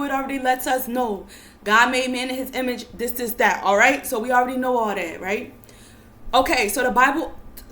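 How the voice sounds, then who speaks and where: A young American woman giving an emphatic, repetitive monologue to camera, often building to near-yelling. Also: a little high. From United States. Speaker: spiritual vlogger.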